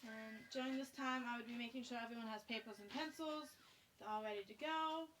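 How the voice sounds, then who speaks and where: High-voiced young woman teacher. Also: brisk, fairly bright tone, faint music behind. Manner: friendly, chatty, explaining step by step. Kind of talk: classroom instruction.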